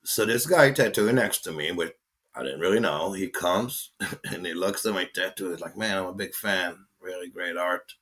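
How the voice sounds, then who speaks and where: A man, a guest telling stories casually, animated and swearing as he acts out what people said. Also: low-pitched, moderate pace, husky. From Israel. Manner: animated, swearing, acting out quotes. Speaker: guest, tattoo artist. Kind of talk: casual storytelling.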